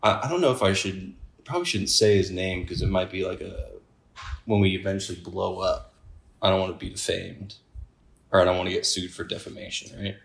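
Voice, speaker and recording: A man's voice: low voice, a little fast, creaky. A man co-hosting a podcast, telling a rambling story in casual chat and laughing often. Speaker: podcast co-host. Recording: roomy echo.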